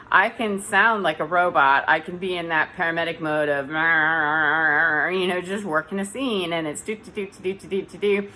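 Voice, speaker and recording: A woman's voice: on the low side, bright, forceful tone, slight background noise, low-quality recording. A woman talking casually to camera in a dim room, rambling and correcting herself as she goes. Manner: rambling, self-correcting, chatty. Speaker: vlogger.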